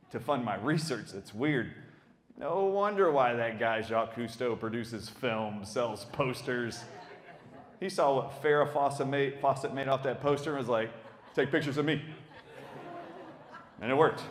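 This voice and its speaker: A middle-aged man, a doctor giving a talk, who tells personal stories in an emphatic, animated way and often laughs. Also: mid-range voice. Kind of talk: storytelling talk.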